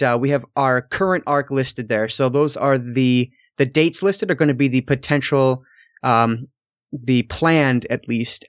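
A man's voice: medium pitch, no echo. A man hosting a film podcast, chatting casually with loose, profane asides. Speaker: podcast host.

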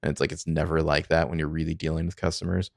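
Very deep-voiced man, full of fillers. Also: level tone, quick pace, gravelly, no room sound, clean studio sound. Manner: filler-heavy, hesitant. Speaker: podcast co-host. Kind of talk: casual movie review chat.

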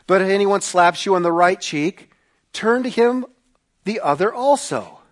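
A man preaching a sermon to a congregation, animated and acting out the voices he quotes. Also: high-pitched, measured pace. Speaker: pastor.

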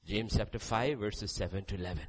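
A man preaching a sermon, reading scripture aloud, with sudden loud rises and quiet drops. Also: on the low side, a little fast, low-quality recording. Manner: reads scripture aloud with emphasis.

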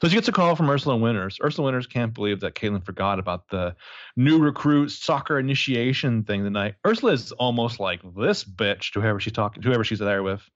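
Lively jokey guy in his thirties on a podcast, pitch jumps all over, kinda dull dry sound. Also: fast talker, no echo. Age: 30s. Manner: animated, jokey, swears freely. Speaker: podcast co-host. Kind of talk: casual chat recapping a book.

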